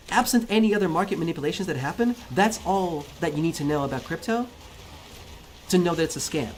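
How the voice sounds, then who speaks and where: A man's voice: a little high, a little hiss or hum. Livestreamer, man, heated and profane, argues with chat. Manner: frustrated arguing with chat. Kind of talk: casual chat.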